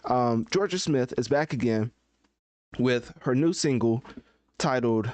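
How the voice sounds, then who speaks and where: A man's voice: mid-range voice, a little slow, a little mellow, dry recording. A man hosting a casual live-stream podcast, chatting and thinking aloud as he looks things up. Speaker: podcast host.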